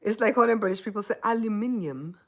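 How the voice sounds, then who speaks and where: A woman's voice: medium pitch, quick pace. A Belizean woman hosting a casual livestream chat, laughing often and teasing her viewers. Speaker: host.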